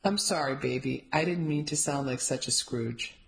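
A woman's voice: a bass voice, moderate pace, creaky, low-quality recording. A woman reading a grumbling young husband. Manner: grumbling, exasperated. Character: grumbling young husband, grudging but affectionate.

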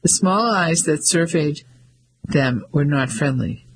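A man narrating an audiobook in a measured, even storytelling manner. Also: fairly high pitch, breathy edge, low-quality recording.

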